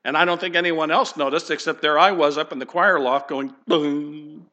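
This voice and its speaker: Bright-voiced man preaching a sermon. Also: on the high side, fairly quick, muffled recording. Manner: conversational, asks the congregation questions directly. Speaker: pastor. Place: church sanctuary.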